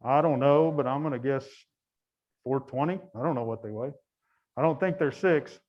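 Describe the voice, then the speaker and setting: A man's voice: mid-range voice, normal speed, dull audio. A man casually commenting while he watches cattle, chatty, laughing often and breaking off his sentences. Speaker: guide.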